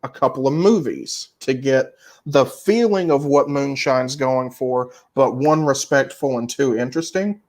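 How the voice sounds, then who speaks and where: A male podcast co-host talking in a casual, emphatic way, swearing freely as he recommends things. His voice sits at an ordinary middle pitch. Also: a little slow, a little mellow. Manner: emphatic, profane, recommending with energy. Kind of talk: casual chat.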